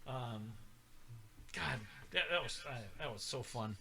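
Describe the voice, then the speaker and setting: A man's voice: mid-range voice, expressive, measured pace, creaky, pushed and bright. A middle-aged man co-hosting a podcast in casual chat, rambling through old scores with many fillers. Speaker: podcast co-host.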